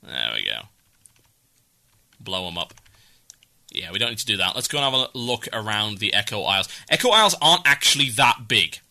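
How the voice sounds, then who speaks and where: A man hosting a podcast, chatting briskly and wryly while he plays a game. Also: on the low side, sing-song, vocal fry, sharp tone. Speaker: podcast host. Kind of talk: casual gaming podcast chat while playing.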